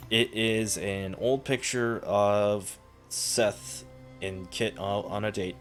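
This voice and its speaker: A man's voice: fairly low pitch, fairly even intonation, takes it slowly, faint music behind. A man narrating a tabletop role-playing game as game master, in a loose, rambling way with fillers.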